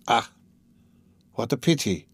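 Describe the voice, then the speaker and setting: A stern, soldierly older constable from a classic novel audiobook, firm and measured in his speech, as a man reads him. The voice is mid-pitched and dry, recorded close to the mic. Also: very animated, husky, no echo, full character voice. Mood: compassionate.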